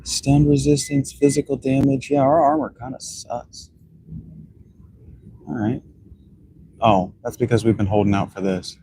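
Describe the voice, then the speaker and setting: A man's voice: mid-range voice, fairly even intonation, measured pace, long pauses, mellow, slight background noise, rough recording. A man giving blunt, rambling commentary while he plays a video game. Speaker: gaming streamer. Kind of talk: casual commentary while playing.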